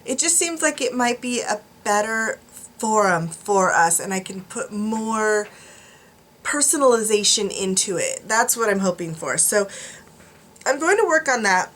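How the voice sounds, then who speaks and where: A woman's voice: medium pitch, fairly bright tone. A drowsy woman vlogger rambling casually to her viewers, with many ums and restarts. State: tired, drowsy. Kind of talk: casual chat to camera. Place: home studio.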